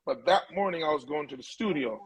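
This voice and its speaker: A man's voice: on the high side, expressive, fast, husky, low-quality recording. A middle-aged man, a musician being interviewed, telling a long personal story in an earnest, rambling way with many restarts. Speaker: musician guest.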